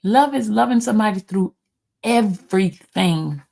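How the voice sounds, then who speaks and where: A middle-aged woman talks casually to her viewers in a heartfelt, emotional way. Her voice has a gravelly, fry-edged texture, and she calls the audience "y'all.". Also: mid-range voice, lively intonation, moderate pace, warm tone. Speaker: livestream host.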